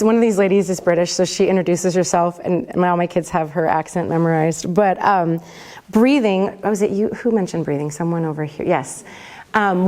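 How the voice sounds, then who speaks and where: A woman leads a vocal class in a casual, rambling way, laughing often as she talks. Her voice sits a little low for a woman. She speaks to a group in the room. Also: a little mellow. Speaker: worship pastor teaching a vocal class. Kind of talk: casual teaching talk.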